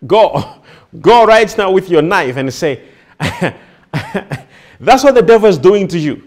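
A man's voice: sits high, sing-song, measured pace, long pauses, darkish tone. A man preaching a sermon, emphatic and repetitive, calling the congregation to respond.

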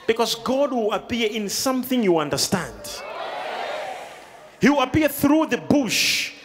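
A man preaching a sermon to a congregation, shouting and calling for responses. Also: very high-pitched, sing-song, a little slow. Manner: emphatic call-and-response preaching, often shouting. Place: large hall with a congregation. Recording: reverberant hall, crowd noise behind.

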